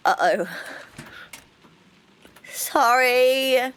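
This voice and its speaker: A woman's voice: mid-range voice, slow pace, long pauses, fairly bright tone, no echo. A woman streamer chatting casually while playing a game, reading its text aloud with playful asides.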